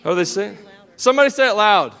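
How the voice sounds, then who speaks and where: A man's voice: sits high, lively intonation, rapid-fire, pushed and bright, clean tone, long reverb tail. A middle-aged man preaching a sermon in a folksy, joking way, talking straight to the congregation and the kids, his voice cracking a little. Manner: folksy, joking, addresses the congregation and children directly. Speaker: pastor. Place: church sanctuary.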